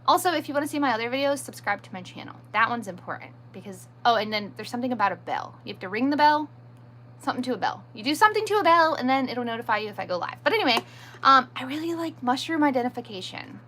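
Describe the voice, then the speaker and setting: A woman's voice: a little high, very animated, fast talker, a bit bright. A woman hosting a live stream in casual chat, answering viewer comments and poking fun at herself, firm with pushy viewers. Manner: chatty, answers viewer comments as they come; self-deprecating.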